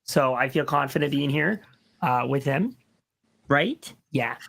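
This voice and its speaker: Friendly guy on a stream, gravelly voice, rambles and repeats stuff. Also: mid-range voice, lively intonation, unhurried, a bit bright. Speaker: guest, competition winner. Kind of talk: casual chat on a live stream.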